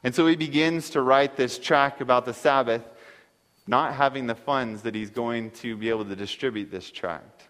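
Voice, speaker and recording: Male preacher, mid-pitched, sermon storytelling; reverberant hall. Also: normal speed, a bit bright. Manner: earnest, reads a story aloud.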